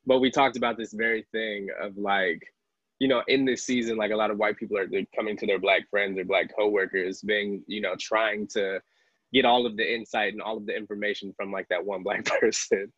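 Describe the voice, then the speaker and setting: A man with a lowish, husky voice hosts a relaxed discussion. He talks loosely, full of filler words and laughter. The sound is dry and a little muffled. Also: brisk, no room sound. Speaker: host. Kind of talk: casual panel discussion.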